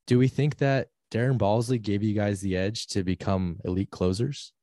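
A man's voice: lowish voice, steady tone, moderate pace, warm tone, no room sound, clean studio sound. A man hosting a casual sports podcast, asking easygoing leading questions. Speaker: podcast host.

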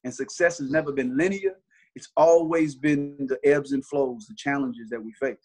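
A man's voice: mid-range voice, moderate pace, darkish tone. A middle-aged man, a basketball trainer, telling stories in a casual interview with earnest, repeated restarts.

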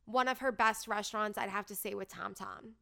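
A woman's voice: medium pitch, fairly even intonation, a little fast, creaky, bright, forceful tone. A woman in her thirties telling a story in a casual, chatty way, gushing and peppering her talk with "like". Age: 30s. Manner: bubbly, gushing, lots of "like".

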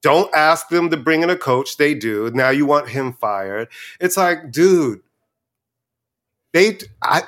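A man co-hosting a podcast, chatting casually and ranting in a campy, animated way. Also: on the high side, slow. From New York. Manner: animated, campy, rants about sports. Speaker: podcast co-host. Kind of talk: casual chat.

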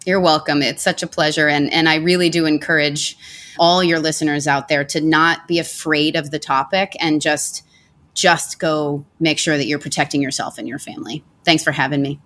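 A woman's voice: low voice, steady tone, moderate pace, a bit bright. A woman financial consultant answering interview questions in a casual, chatty way, with many "you know"s and "like"s.

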